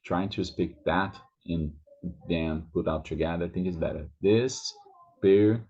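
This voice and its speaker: A man with a Brazilian Portuguese accent gives a slow pronunciation lesson, saying each word again and again. His voice sits very low and has a husky edge. The recording sounds dull and lo-fi. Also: flat delivery. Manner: slow, repeats words over and over, drawn-out vowels. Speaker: language teacher.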